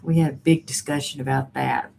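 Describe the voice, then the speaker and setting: A woman's voice: a bass voice, fairly even intonation, fairly quick, creaky, mellow, slight background noise. A middle-aged woman hosting a live chat stream. She talks casually and rambles, with many fillers and restarts, and answers viewer comments as she reads them.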